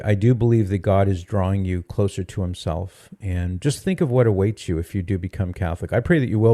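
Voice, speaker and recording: A man's voice: lowish voice, warm tone, no echo, studio quality. A man hosting a call-in radio show, speaking to a caller in a reassuring, encouraging way. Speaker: radio host.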